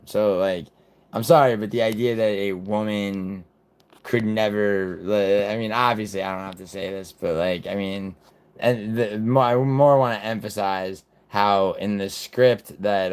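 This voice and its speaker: A man with a very low voice talks through a live reaction stream. He is blunt, scornful and full of swearing, and he rambles between points. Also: clean tone. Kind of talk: casual live-stream commentary.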